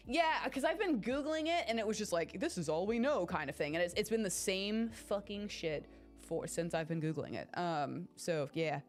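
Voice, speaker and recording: Excitable swearing woman streamer, faint music. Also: mid-range voice, normal speed. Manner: excitable, swears freely, talks to chat by name. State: recovering from illness. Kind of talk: casual live-stream chat.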